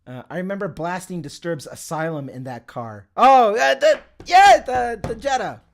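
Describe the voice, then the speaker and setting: This young male streamer's voice sits high and sounds creaky, with lively intonation and a moderate pace. On his casual livestream he reads the chat, rambles, swears and laughs frequently.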